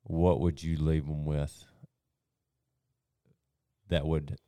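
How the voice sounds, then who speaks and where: A man's voice: a bass voice, flat delivery, drawn-out words, warm tone, no room sound, clean studio sound. A man co-hosting a casual conversation, asking long, laid-back questions.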